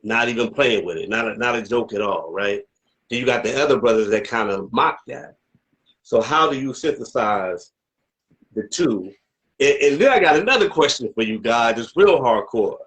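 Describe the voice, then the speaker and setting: Talking with an elder in a casual interview, a man with a medium-pitched, animated, fairly bright voice speaks at a moderate pace over a rough recording. His rambling is full of "you know what I mean" asides that build into emphatic questions.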